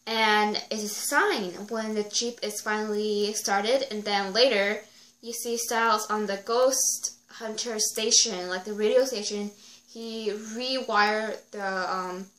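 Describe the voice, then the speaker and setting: Bright-voiced young woman, rambling recap. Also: fairly high pitch, takes it slowly, echoey room. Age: young adult. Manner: rambling, excitable, heavy use of 'like' fillers. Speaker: video reviewer. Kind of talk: casual episode recap.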